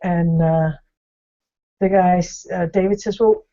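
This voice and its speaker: A woman's voice: on the low side, flat delivery, unhurried, mellow. A woman hosts an online group, retelling a story in a loose, casual way. She talks in a rambling manner with many fillers and restarts. Her audio is a little dull, as over a video call. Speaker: discussion host.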